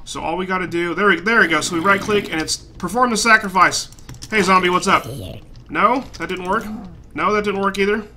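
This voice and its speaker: A man giving gameplay commentary, swearing a lot and flaring into loud frustrated outbursts. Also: high voice, a little fast, a little hiss or hum. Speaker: let's play gamer.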